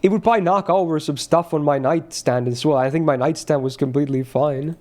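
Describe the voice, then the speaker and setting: A man's voice: fairly high pitch, a little fast, a little mellow. Rambling male streamer chatting while gaming. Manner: rambling, restarts, casual swearing. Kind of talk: casual chat while gaming.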